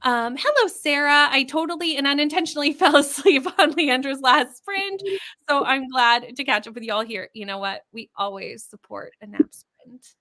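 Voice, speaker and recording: High, bright Canadian woman hosting. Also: moderate pace. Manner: chatty, greets viewers by name and reads their comments aloud. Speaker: livestream host. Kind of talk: casual live-stream chat.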